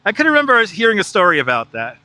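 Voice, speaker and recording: With huge pitch swings and a quick pace, a man's high, pushed, bright voice comes across in a dry recording. This chatty New Yorker live-streams a casual walking tour of a large city park using a wireless clip-on mic, reading viewer chat aloud and laughing easily.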